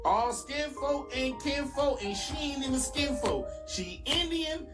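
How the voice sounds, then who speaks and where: A woman's voice: sits high, animated, measured pace. A woman giving blunt, slangy reaction commentary, sounding exasperated. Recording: distant mic with loud music behind.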